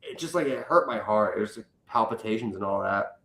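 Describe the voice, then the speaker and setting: Young male guest from the US East Coast, animated joker, in a roomy, echoey space. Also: on the low side, a little fast. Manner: animated storyteller, jokey, acts out quotes. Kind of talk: casual chat.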